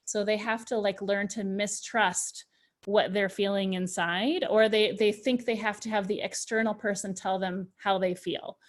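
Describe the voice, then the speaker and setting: A woman's voice: medium pitch, steady tone, a little slow. A woman presenting a parenting workshop in a loose, chatty way, with lots of "you know" and restarts. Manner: chatty, full of fillers and restarts. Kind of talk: informal talk to parents.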